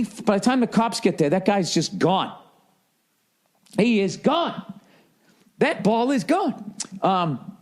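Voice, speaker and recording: A man's voice: on the high side, a little mellow. A man streaming live, telling a rambling, profanity-laden story in casual chat. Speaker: livestreamer.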